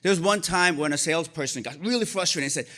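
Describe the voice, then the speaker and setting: A man's voice: fairly high pitch, quick pace, bright, forceful tone. A man in his forties, born in Korea with Korean as his first language, telling a personal story on stage at a live story slam with dry, self-deprecating humor.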